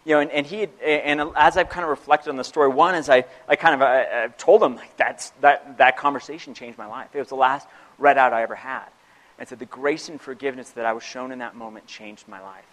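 A young man casually telling a heartfelt personal story, laughing often and dropping to a hush for the serious parts. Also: medium pitch, a little fast, rough recording. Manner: laughs often, many restarts, drops to a hush for serious moments. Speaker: speaker sharing a personal story.

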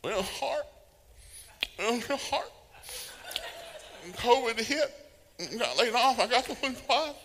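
A man voicing a whining middle-aged man who complains at heaven's gate in a high, strained, half-shouted voice, as a comic bit in a sermon. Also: lively intonation, takes it slowly, long pauses, big-room sound, a little hiss or hum, full character voice. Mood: whiny.

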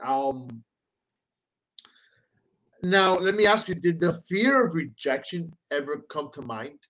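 A man hosting a casual interview, chatty and animated, often repeating words as he goes. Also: a little high, slow, poor audio. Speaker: host.

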